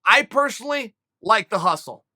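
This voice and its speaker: A man hosts a fan question show and talks through stories and opinions in a loose, animated way. His voice sits high and sounds very bright and forceful. The sound is dry and close. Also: normal speed, no room sound. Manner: animated, conversational, retells scenes with quoted dialogue. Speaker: host answering fan questions. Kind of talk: casual storytelling and commentary.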